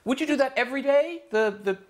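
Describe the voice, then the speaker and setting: A man's voice: very high-pitched, fast talker. A male talk show host with an Irish accent, reading a teasing monologue and chatting with a guest. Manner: wry, teasing, giggly. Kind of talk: scripted monologue and interview. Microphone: video call from home.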